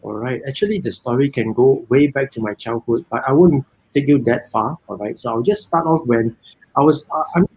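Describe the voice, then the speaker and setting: A man's voice: mid-range voice, a little fast, darkish tone, husky, poor audio. A man with a Malaysian English accent, a guest in a casual live chat, rambling with many restarts.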